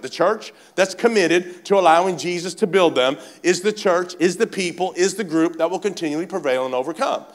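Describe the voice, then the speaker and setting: A male pastor preaching a sermon at a church service, fervent and urging, swinging between shouted exhortation and quiet speech. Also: high voice, lively intonation, moderate pace. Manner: fervent, repeatedly urges the congregation with "come on".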